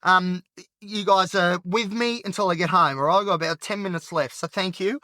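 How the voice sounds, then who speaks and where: A man's voice: sits high, moderate pace, pushed and bright, no room sound. An anxious, agitated Australian man hosting a podcast, rambling frankly in a solo talk while he drives at night. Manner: rambling and frank, heavy on filler. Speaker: podcast host. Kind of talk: candid solo monologue while driving. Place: inside a car at night.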